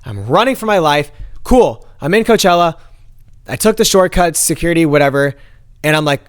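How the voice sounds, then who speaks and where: A young man vlogging, telling a story to his viewers in an animated way and acting out the lines of the people in it. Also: fairly quick, clean tone. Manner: expressive, acts out quotes with big pitch jumps.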